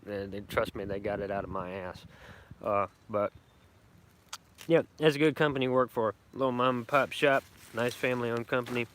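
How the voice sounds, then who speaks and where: A middle-aged man with a drawl talks on a live stream from his camp in the woods. He is brash, boastful and profane, and he rambles from one topic to the next. His voice is bright and mid-pitched. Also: normal speed, a little hiss or hum. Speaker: bushcraft vlogger doing a live stream. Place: outdoors at a woodland camp.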